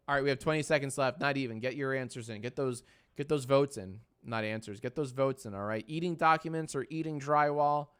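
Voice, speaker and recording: A man's voice: mid-range voice, moderate pace, clear, resonant tone. A man in his thirties casually streaming from his home editing room, joking with chat, running polls and cooing at his dog. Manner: soft baby talk to his dog.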